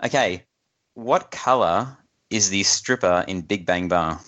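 A man's voice: deep voice, unhurried, fairly bright tone, lo-fi sound. A man hosting a casual quiz on a podcast, often laughing as he reads the questions. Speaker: quiz host.

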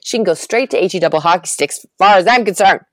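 A woman talking in a casual chat as a podcast guest, animated and laughing as she rants. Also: fairly low pitch, quick pace, crowd noise.

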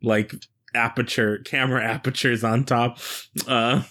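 Brief: male player, slow-paced, easygoing and jokey. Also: mid-range voice, flat delivery, pushed and bright. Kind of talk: casual tabletop play.

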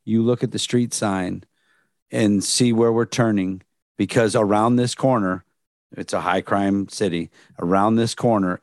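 A man's voice: lowish voice, darkish tone, no room sound, studio quality. A man who was a beat cop and police dog handler, reflecting in a rambling way during casual podcast chat.

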